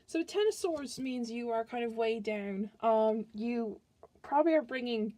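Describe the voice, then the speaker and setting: A woman's voice: fairly high pitch, expressive, normal speed, warm tone. A woman giving a casual tarot reading to her viewers, talking in a chatty, rambling way and often restarting her sentences. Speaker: tarot reader.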